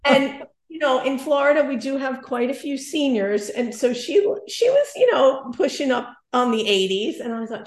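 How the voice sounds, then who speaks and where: A woman in her forties telling a personal story in casual conversation, animated and self-deprecating. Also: a little high, normal speed, hardly any pauses, echoey room.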